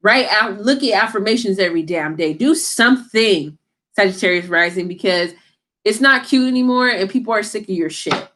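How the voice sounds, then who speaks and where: A woman's voice: medium pitch, moderate pace, fairly bright tone. A woman giving a casual tarot reading to camera, talking in a blunt, slangy, scolding way and swearing freely. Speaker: tarot reader.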